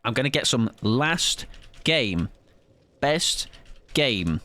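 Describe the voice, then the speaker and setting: A man's voice: mid-range voice, sing-song, slow pace, pushed and bright. A man chatting casually on a live game stream, joking and rambling with plenty of self-mockery. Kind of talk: live gaming stream chat.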